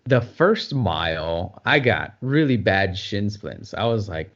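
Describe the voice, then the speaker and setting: A man's voice: on the low side, sing-song, slow pace, hardly any pauses, fairly bright tone. A man co-hosting a casual podcast, telling a long personal story in a loose, conversational way with plenty of fillers. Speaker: podcast co-host. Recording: dull lo-fi sound.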